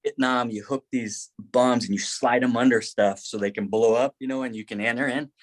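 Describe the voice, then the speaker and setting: Man, middle-aged, podcast guest, animated storyteller, laughs a lot. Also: a little fast. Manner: animated, laughs often, acts out quotes in higher voice. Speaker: podcast guest, former Army Ranger. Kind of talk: casual storytelling.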